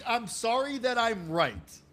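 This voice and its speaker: A man with a New York accent co-hosting a sports betting chat, talking in animated, emphatic rants full of "like". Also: very high voice, unhurried, slight background noise.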